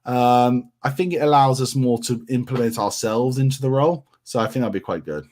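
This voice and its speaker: A man's voice: medium pitch, brisk, a little mellow. A man from England hosting a casual livestream, reading out viewer comments and answering them in a friendly, chatty way with lots of ums. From England, grew up around Milton Keynes. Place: home in North Yorkshire.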